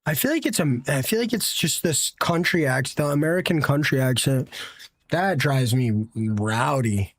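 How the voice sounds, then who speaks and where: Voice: mid-range voice, expressive, fairly quick, few pauses, husky. A young adult streamer giving live commentary on a battle royale game, exasperated, repeating disbelieving questions and answering the chat. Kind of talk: live gameplay commentary chatting with viewers.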